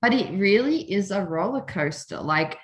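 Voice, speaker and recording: Effusive woman podcast host, lively. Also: mid-range voice, normal speed. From Australia. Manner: effusive, laughing, emotional. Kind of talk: casual chat.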